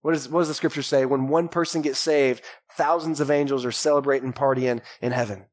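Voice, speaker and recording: A man in his thirties from Texas, a pastor preaching a lively sermon to a congregation and calling out to them. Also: medium pitch, a little fast. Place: church sanctuary before a congregation. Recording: live church recording.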